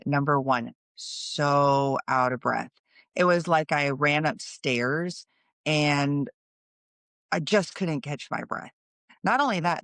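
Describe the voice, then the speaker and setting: A woman's voice: sits low, fairly bright tone, dry recording, studio quality. Earnest middle-aged woman telling a story. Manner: earnest, conversational, explains as she goes. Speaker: podcast host. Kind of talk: personal storytelling monologue.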